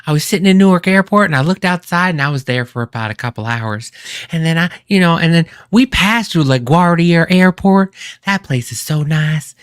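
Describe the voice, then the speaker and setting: High-voiced, profane, excitable man. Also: moderate pace, clear, resonant tone, dry recording, clean studio sound. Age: adult, has an ex-wife. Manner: profane, animated storytelling with sudden loud outbursts. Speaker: podcast co-host. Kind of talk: casual chat.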